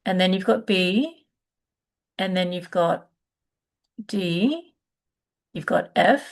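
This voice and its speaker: Slow, gravelly woman teaching music. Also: mid-range voice. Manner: halting, many fillers and restarts, patient. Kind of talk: live online lesson, unscripted explanation.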